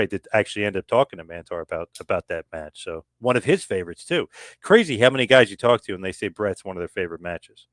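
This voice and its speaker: A man chatting as a podcast guest, racing along at a quick clip. He keeps restarting and acting out what others told him. His voice sits on a dry close mic with no room sound. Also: on the low side, dry recording. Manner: animated, full of restarts and acted-out quotes. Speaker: podcast guest, book author. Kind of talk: casual podcast chat.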